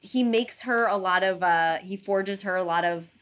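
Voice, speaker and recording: Animated chatty woman retelling myths. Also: medium pitch, moderate pace. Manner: animated storyteller, acts out quoted gods in playful voices; lots of fillers, swears casually. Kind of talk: casual chat.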